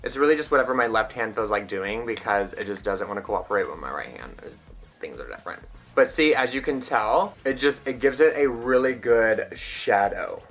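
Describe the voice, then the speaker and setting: A man's voice: mid-range voice, animated, normal speed, fairly bright tone, faint music behind. A young man chatting through a makeup tutorial in a casual, self-mocking way. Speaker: vlogger.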